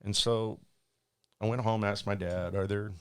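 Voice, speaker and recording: Deep, gravelly-voiced man telling a story. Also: a little slow, no echo. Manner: rambling, restarts, animated retelling. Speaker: flight attendant, interviewee. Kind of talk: casual storytelling.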